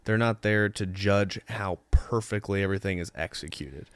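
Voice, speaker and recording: A young adult man co-hosting a podcast, talking casually in halting phrases with many "you know"s. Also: sits low, smooth, dry recording. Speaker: podcast co-host. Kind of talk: casual chat.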